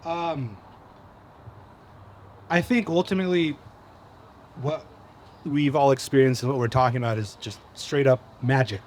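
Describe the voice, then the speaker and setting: A man on a live panel telling an animated story in casual slang. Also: mid-range voice, measured pace, long pauses, a little hiss or hum. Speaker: panel guest. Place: live event at a cafe.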